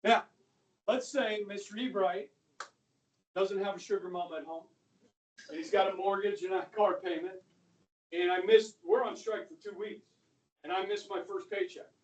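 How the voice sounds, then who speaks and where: A male high school history teacher giving an animated classroom lecture, talking straight to his students and dropping to a whisper for asides. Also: moderate pace, long pauses. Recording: voice from a distance across a classroom.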